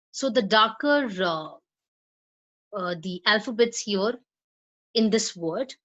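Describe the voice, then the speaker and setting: A woman's voice: fairly high pitch, lively intonation, a bit bright, highs cut off. Indian woman teaching pronunciation. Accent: Indian English. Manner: explains slowly with frequent fillers and repeated words; models pronunciation with deliberate stress. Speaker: law college English teacher. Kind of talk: recorded online lecture.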